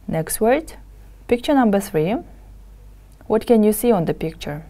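A woman's voice: medium pitch, mellow. A woman teaching English in a televised lesson. She sounds each word out carefully and repeats it for students to copy. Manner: slow, careful drills with repeated words.

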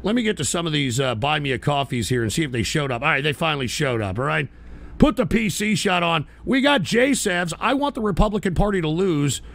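A man hosts a livestream in a profane, ranting style and often breaks into yelling. His voice is high and gravelly. His pitch swings widely, and he sounds close to a desk mic. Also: sing-song, brisk. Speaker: livestream host.

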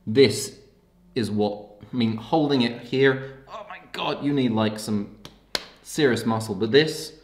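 Breathless, excitable man reviewing gear. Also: mid-range voice, measured pace. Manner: excitable, rambling, hyping. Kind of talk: casual product review.

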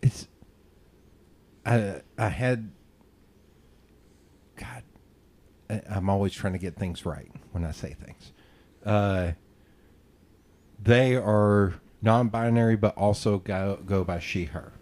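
Low, mellow-voiced male podcast host. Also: slow, long pauses. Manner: rambling, profane, self-deprecating storytelling. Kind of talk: casual interview chat.

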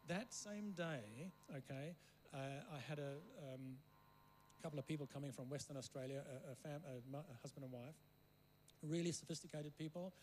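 A man's voice: fairly high pitch, normal speed, darkish tone, slight background noise, rough recording. Raised-voice African-born man preaching. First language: not English. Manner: rambling anecdotes, keeps checking in with the room. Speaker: guest preacher. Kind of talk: storytelling sermon.

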